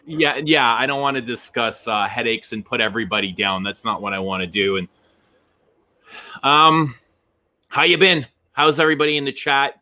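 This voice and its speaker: A man's voice: medium pitch, animated, moderate pace, sharp tone. A middle-aged Canadian man with a Canadian accent, co-hosting a stream in casual, rambling chat with many restarts. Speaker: stream co-host.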